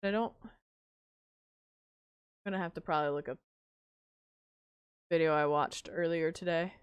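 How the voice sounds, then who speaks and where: A woman streams a game and chats to herself and her viewers as she builds, mocking her own mistakes while she hiccups. Her low, clear, resonant voice moves at normal speed. There's no room sound, though the audio is dull.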